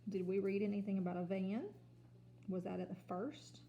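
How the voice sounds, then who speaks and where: A woman teaching a kindergarten home lesson on video, sounding out letters and words slowly and patiently. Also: mid-range voice, level tone, dark tone, echoey room, dull audio, slight background noise. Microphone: phone or camera.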